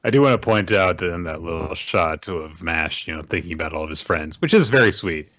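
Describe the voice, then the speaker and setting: A man co-hosting a podcast, chiming in with quick jokes and asides. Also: sits low, animated, a bit bright, no echo, dull audio. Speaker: podcast co-host. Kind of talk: casual podcast banter.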